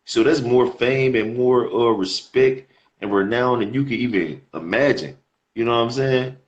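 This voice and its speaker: A man's voice: medium pitch, normal speed, highs cut off. A man preaching casually over scripture readings in a slangy way, often repeating words as he goes.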